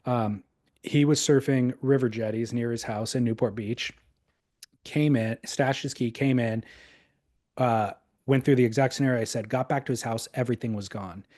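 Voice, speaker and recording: A man's voice: mid-range voice, fairly even intonation, normal speed, a little mellow. A man co-hosting a podcast, telling a story in casual chat with fillers. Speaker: podcast co-host.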